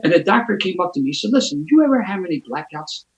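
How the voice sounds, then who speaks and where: A man's voice: high-pitched, sing-song, reverberant, lo-fi sound. A man sharing his recovery story at a meeting, with a lot of stops and restarts. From Philadelphia. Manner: storytelling with quick restarts and laughs. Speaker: AA speaker. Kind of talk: recovery share told as a story. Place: home via video call. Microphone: video call mic.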